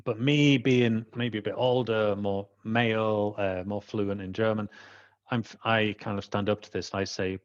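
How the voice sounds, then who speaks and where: A low-voiced Welsh man recounts a personal anecdote and acts out the people he talks about. The recording is dull and lo-fi, as if from a modest home setup. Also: a little slow. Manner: animated, acts out the people he quotes. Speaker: trainer. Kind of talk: personal storytelling monologue.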